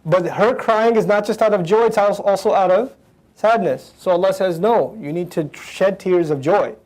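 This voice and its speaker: A man with a high-pitched voice teaches scripture line by line. He rattles off Arabic verses fast, then slows into casual, conversational English explanations. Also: a little mellow. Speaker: Quran teacher.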